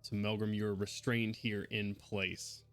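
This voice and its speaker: A man with a low voice runs a tabletop game as game master. He calls out turns, saves and rolls in a brisk, orderly way, with faint music under him. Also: level tone, fairly bright tone, smooth.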